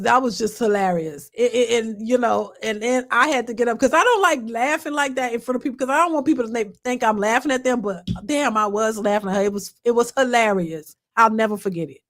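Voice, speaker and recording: Woman, casual live stream host, animated storyteller, slightly high voice, swings between loud and hushed. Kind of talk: casual storytelling and chat reactions.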